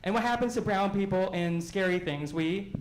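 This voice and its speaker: A man doing a stand-up set, telling stories in an animated, self-mocking way at a small live venue. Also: high-pitched, normal speed, echoey room, poor audio. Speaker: stand-up comedian.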